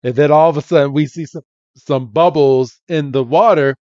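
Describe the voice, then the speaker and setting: A podcast co-host with a fairly high, slightly mellow voice speaks at normal speed, casually recapping a cartoon episode, doing the characters' lines in goofy voices and laughing often. The sound is lo-fi with no echo.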